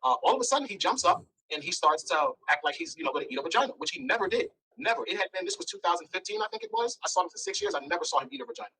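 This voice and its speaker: A man talks at a breakneck clip, his husky voice bright and edged. He tells his story bluntly and candidly as an interview guest, jumping between narration and acted-out dialogue with a lively, swinging pitch. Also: racing, few pauses, poor audio. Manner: blunt, animated, acts out dialogue.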